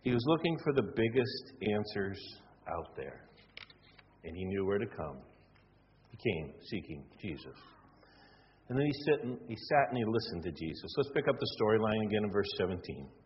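A man preaching a sermon, animated and acting out the people in his story. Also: lowish voice, normal speed, slight background noise. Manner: animated, acts out quoted voices. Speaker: pastor. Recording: dull sound in a reverberant hall.

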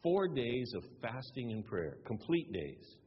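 This sermon comes from a male pastor with a medium-pitched, very animated voice who takes his time, telling stories in a relaxed, conversational way and voicing the dialogue with changing emphasis. The sound is dull, carries long hall reverb, and has slight background noise.

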